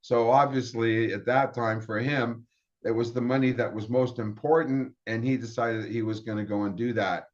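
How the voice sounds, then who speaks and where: A man's voice: medium pitch, fairly even intonation, normal speed. A middle-aged man tells his career story in an easy, rambling way. He often stops to restart a sentence and acts out what people said to him. The recording sounds a little dull and lo-fi. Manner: rambling, with restarts and quoted dialogue. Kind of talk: casual storytelling.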